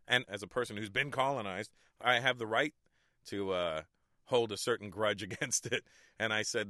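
A middle-aged man, a stand-up comedian, telling stories in a relaxed interview and chuckling often. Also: fairly low pitch, moderate pace, no room sound. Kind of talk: casual interview talk.

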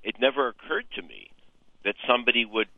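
A man's voice: medium pitch, very animated, brisk, creaky, no room sound. A man from the US West Coast calling in to a radio show, explaining his problem hesitantly with many fillers. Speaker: caller. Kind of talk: call-in radio chat. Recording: tinny phone line.

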